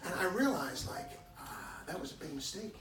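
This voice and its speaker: At an indoor gathering in a hair salon, a dog owner with a high voice gives brisk, emotional remarks before a crowd of listeners, telling a personal story and animatedly acting out its dialogue. The low-quality recording is reverberant and distant, with a little hiss or hum.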